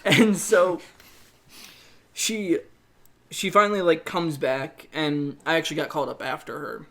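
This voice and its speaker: Young male podcast co-host; fairly high voice with gravelly fry, joking and self-deprecating. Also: steady tone, a little slow, a bit bright. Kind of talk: casual chat.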